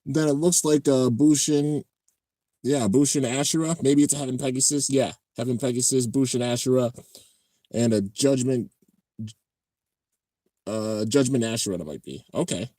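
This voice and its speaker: A man hosting a casual live-stream reaction, talking excitedly and rambling as he comments on an episode. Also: mid-range voice, normal speed, long pauses, dry recording, studio quality. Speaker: channel host reacting to an anime episode.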